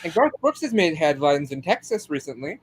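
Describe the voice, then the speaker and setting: A man co-hosting a podcast in casual chat over a remote call, teasing and chatty with halting restarts. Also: fairly high pitch, big pitch swings, husky. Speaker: podcast co-host.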